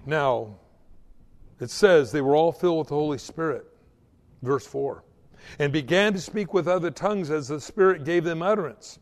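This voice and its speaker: High-voiced male pastor in a reverberant hall. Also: moderate pace. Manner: stammering restarts, storytelling, rising emphasis. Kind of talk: sermon with storytelling.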